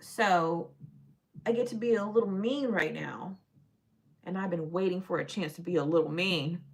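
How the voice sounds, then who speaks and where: A woman hosting a casual livestream, talking in an animated, sassy, teasing way. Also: on the low side, normal speed. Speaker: livestream host.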